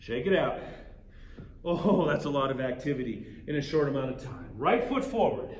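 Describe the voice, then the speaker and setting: A man leading a guided yoga class as instructor, giving calm cues with playful, joking asides. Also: medium pitch, normal speed. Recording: echoey room with faint ambience.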